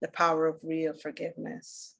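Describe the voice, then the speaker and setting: Earnest low-voiced woman giving a dharma talk. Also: monotone, gravelly, poor audio. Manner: earnest, unhurried, drops soft for solemn moments. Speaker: spiritual teacher.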